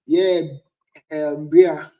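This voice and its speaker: A man's voice: fairly high pitch, steady tone, very slow, warm tone. A young Ghanaian man in his twenties hosting a casual livestream chat and answering viewers' questions. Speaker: livestream host. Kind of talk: casual live-stream chat.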